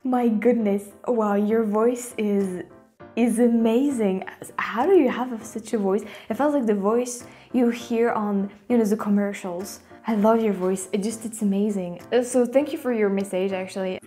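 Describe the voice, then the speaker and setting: A woman's voice: mid-range voice, a little slow, warm tone, soft background music. A woman with a French accent, a native French speaker, chats casually as a video host, hesitating and restarting often. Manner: hesitant, many fillers and restarts. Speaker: YouTube host. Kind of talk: casual commentary.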